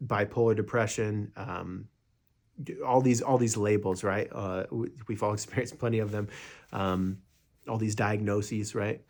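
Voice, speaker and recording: A young man teaching meditation in a casual, rambling way, with many fillers and restarts, sometimes acting out what a friend might say. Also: on the low side.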